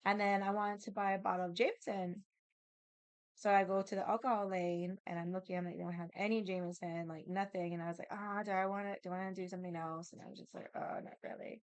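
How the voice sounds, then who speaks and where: A woman's voice: medium pitch, flat delivery, quick pace, smooth, no room sound. Chatty woman. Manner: chatty, rambling, lots of "like" fillers. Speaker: vlogger. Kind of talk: casual storytelling chat.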